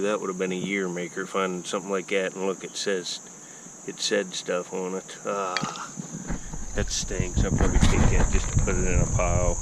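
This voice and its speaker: A man narrating a casual outdoor vlog in a relaxed, rambling, folksy way, filmed on a handheld camera by a river and an old dump. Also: deep voice. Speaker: vlogger. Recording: faint outdoor noise with insects.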